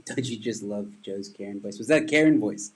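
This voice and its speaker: Husky man, comedian host, loose rambling livestream chat with viewers. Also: lowish voice, fairly quick, a little mellow, poor audio. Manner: rambling, chatty, reads and answers viewer comments.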